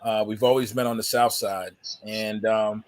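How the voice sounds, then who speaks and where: Animated New storyteller man. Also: lowish voice, normal speed. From New York. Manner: animated storyteller, laughs often. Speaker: guest. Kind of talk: casual podcast chat.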